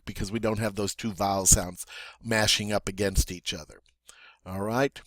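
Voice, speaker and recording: A man's voice: lowish voice, fairly even intonation, normal speed, dry recording, studio quality. A man teaching a French pronunciation lesson, patiently repeating words and checking in with "all right?".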